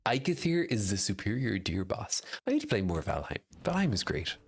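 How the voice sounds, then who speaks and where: Man, gameplay streamer, low voice, very lively pitch, chatty and excitable. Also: brisk, slightly rough. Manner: excitable, chatty, swears, reacts loudly and reads chat aloud. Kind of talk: casual live gameplay commentary.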